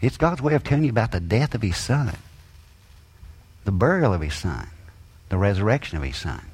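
A man's voice: lowish voice, sing-song, fairly quick, a little mellow, husky. A man preaching a sermon with an emphatic, rising and falling cadence and folksy grammar.

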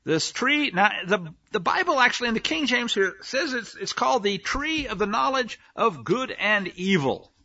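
A man's voice: extremely high pitch, big pitch swings, normal speed, few pauses, bright, forceful tone, dull audio. A man preaching a sermon on scripture, emphatic, often asking the listeners rhetorical questions. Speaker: Bible teacher.

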